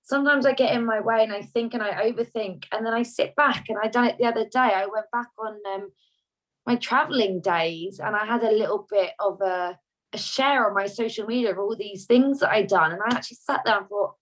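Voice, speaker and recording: A woman talks openly and warmly about her life over a video call, her voice sitting at an ordinary middle pitch. She rambles a little and corrects herself as she goes. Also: a little fast, poor audio. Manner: heartfelt, rambling, self-correcting. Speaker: guest sharing a personal story. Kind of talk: emotional personal sharing on a video call.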